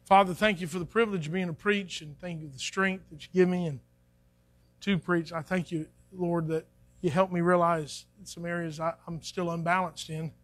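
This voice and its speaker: A pastor with a high, somewhat bright voice preaches to his congregation in a brisk, folksy, conversational style, keeping his intonation fairly even and acting out little quotes. It's a church live stream from the sanctuary, with faint music in the background.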